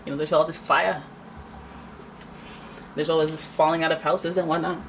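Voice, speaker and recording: Low-voiced chatty woman tarot reader. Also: flat delivery, moderate pace, gravelly, a bit bright, slight background noise, low-quality recording. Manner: chatty, dramatic, acts out quoted voices. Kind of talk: casual tarot reading.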